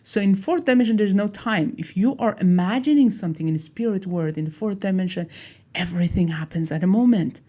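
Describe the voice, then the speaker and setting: Animated woman explaining with a mellow voice. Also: mid-range voice, brisk. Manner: animated, acts out little dialogues, laughs at herself. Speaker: teacher. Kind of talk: casual explanatory talk.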